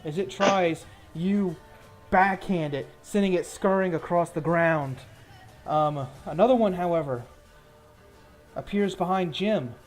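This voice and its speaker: A man's voice: sits high, unhurried, soft background music. Man running a tabletop game. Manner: casual, descriptive narration with rules talk. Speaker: game master.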